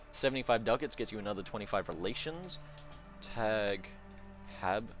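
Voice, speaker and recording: A man's voice: lowish voice, fairly bright tone. A man casually reviewing a strategy game, rambling and swearing as he thinks aloud with many fillers. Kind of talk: casual gameplay commentary.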